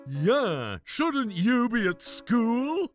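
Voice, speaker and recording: A supporting voice in a dramatic story speaks in a very slow, drawn-out way with a pitch that moves a lot. Faint music plays underneath. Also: very animated. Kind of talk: acted story lines.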